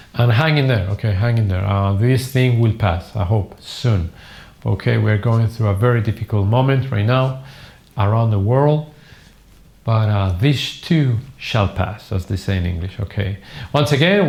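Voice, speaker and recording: A man running a live online English class, his pitch leaping up and down as he drills words and adds chatty asides. He sounds a little tired but keeps going. The room around him rings with echo. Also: a little mellow. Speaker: English teacher. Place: language academy in Madrid.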